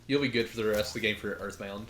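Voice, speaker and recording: A man playing a game with the host, chatting casually and reacting with animated banter. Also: fairly low pitch, quick pace. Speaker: co-player. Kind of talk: casual gaming chat.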